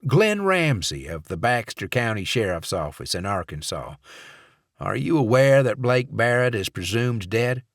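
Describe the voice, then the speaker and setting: A man's voice: medium pitch, very animated, unhurried, no room sound, clean studio sound, voice pushed up. A man voicing a folksy male sheriff's investigator who chats easily while probing with questions. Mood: chatty probing. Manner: chatty, probing, easygoing.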